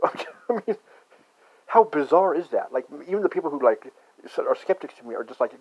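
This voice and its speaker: A man in a rambling, profane conspiracy rant that swings from muttering to shouting. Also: fairly high pitch, very animated, normal speed, slightly rough. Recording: dull lo-fi recording.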